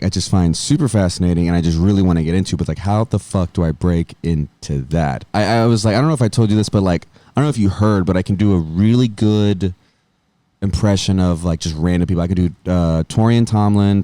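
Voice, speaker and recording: A man's voice: sits low, warm tone, no echo. A man hosting a podcast in casual chat, rambling and joking with a profane streak, a little tipsy from beer. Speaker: podcast host.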